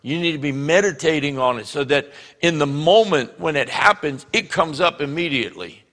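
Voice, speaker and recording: In a large church sanctuary, a male pastor delivers a sermon at a moderate pace in a slightly high voice. He is animated, acting out the voices of the people he quotes.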